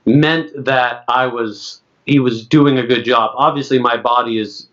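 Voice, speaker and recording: On a lo-fi recording with a dull sound, a late-30s podcast co-host tells stories in a chatty, casual way, voicing other people's lines himself. His mid-range voice is steady, unhurried, and a bit bright.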